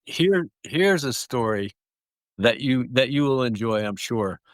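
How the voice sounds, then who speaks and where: A man's voice: medium pitch, lively intonation, unhurried, no room sound. A man telling stories in an interview, rambling through anecdotes with small restarts. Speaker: guest clownfish breeder. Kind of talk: relaxed storytelling.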